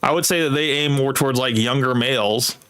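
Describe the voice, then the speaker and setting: A man's voice: mid-range voice, a little fast, a bit bright, smooth. A man in a heated debate who argues his point steadily, hedging often with "you know".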